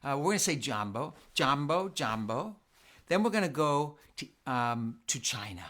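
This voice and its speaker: A man's voice: fairly high pitch, big pitch swings, a little fast, fairly bright tone. A man hosting a live family concert from home, playfully coaxing listeners to repeat greetings with him. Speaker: children's singer and concert host. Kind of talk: live family sing-along concert chat. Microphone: home live stream.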